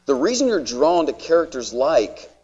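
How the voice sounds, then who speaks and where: A man's voice: fairly high pitch, big pitch swings, moderate pace, darkish tone, slightly rough, lo-fi sound. A man preaching a sermon in a conversational way, with joking asides to the congregation. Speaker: pastor.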